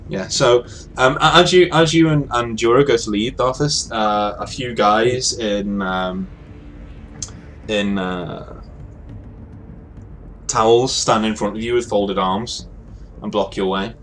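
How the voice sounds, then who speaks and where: Low-voiced game master narrating. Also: male voice, takes it slowly, long pauses. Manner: relaxed, hesitant with many fillers.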